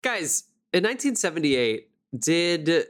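A man's voice: fairly high pitch, big pitch swings, a little slow. A man hosting a podcast, casually chatting about a film with loose, swearing banter. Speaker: podcast host.

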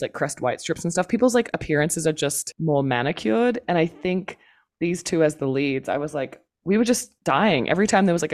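A woman co-hosts a casual film podcast with a low, dusky voice. She rambles through her thoughts in quick, chatty bursts. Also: a little mellow. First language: not American. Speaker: podcast co-host.

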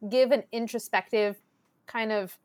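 A woman in her twenties, a podcast guest, telling animated family stories, laughing often and acting out quotes. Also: on the high side, a little slow, clean tone. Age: 20s. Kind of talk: casual storytelling chat.

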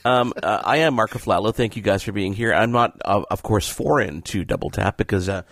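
Playful low-voiced man hosting a podcast. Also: a little fast, fairly bright tone, no echo, studio quality. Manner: playful, self-mocking, laughs often. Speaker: fill-in podcast host. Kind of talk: casual podcast chat.

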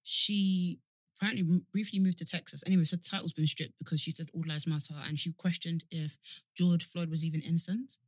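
A young woman co-hosting a podcast, quick and blunt in casual chat. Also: lowish voice, fairly even intonation, no room sound. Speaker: podcast co-host.

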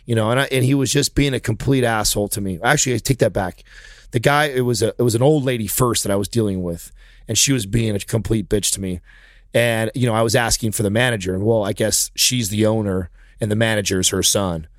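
A man's voice: fairly low pitch, brisk, no room sound, studio quality. A man telling a long story in casual chat, swearing often and getting heated as he goes. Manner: profane, animated, heated storytelling.

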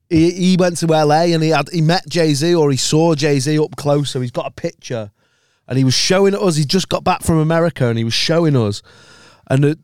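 A man's voice: a little high, a little mellow, clear, resonant tone, no echo, clean studio sound. A man hosting a podcast, telling stories in casual chat, swearing freely and laughing often. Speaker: podcast host, comedian.

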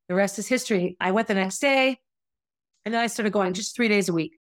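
A woman's voice: medium pitch, fast talker, no echo. Candid middle-aged woman telling her story. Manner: candid and conversational, acts out quoted voices. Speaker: podcast host telling her own story. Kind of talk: personal storytelling monologue.

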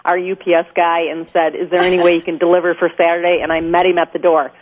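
A woman guest on a radio show, telling a story with excitement. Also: on the low side, quick pace, a little hiss or hum. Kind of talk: casual radio interview. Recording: slightly dull radio audio.

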